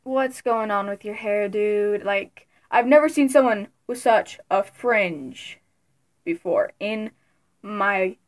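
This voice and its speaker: A young woman vlogging casually about her favorite creators, giggly and excitable, with sudden loud bursts. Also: mid-range voice, slow pace. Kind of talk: casual fan commentary.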